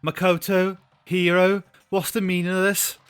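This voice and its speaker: A man's voice: high-pitched, completely flat delivery, normal speed, faint music behind, voice pushed up, close to an everyday voice. A male streamer voicing a stern, powerful martial-artist woman who speaks in firm, protective, menacing lines. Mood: angry.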